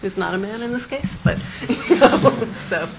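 A woman's voice: on the high side, lively intonation, normal speed, heavy background noise. A woman artist answering questions about her work at a conference, thoughtful and hesitant with many fillers. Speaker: presenting artist.

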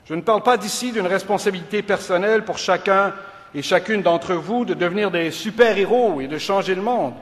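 A middle-aged man, a law school dean, giving a formal graduation speech in a measured, rhetorical manner, moving between English and French. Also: high-pitched. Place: large ceremony hall. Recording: reverberant hall.

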